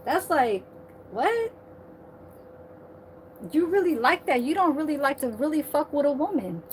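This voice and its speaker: Woman, 30s, livestream vlogger; higher voice, heated and profane ranting, faint hiss behind. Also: lively intonation, fairly quick.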